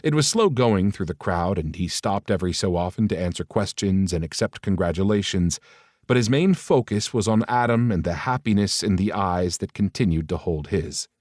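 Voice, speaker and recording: Male audiobook narrator, steady even reading, low voice, dry close sound. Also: moderate pace, no echo. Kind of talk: scripted romance narration.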